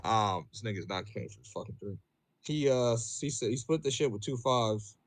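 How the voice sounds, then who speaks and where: A man on a podcast telling a story in casual chat, profane and animated, full of fillers and "bro". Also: mid-range voice, moderate pace, no room sound.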